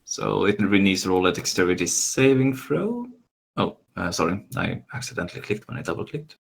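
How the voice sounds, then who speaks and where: A man playing a tabletop game, talking slowly through his turn with many pauses and fillers. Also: deep voice, very animated, vocal fry, husky. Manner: slow, halting, with many fillers while planning moves. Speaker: player.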